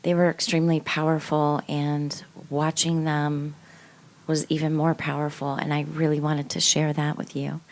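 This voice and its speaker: A woman's voice: low-pitched, level tone, moderate pace, darkish tone. A woman hosting a true-crime podcast, talking casually and bluntly, swearing freely with lots of fillers. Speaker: podcast host.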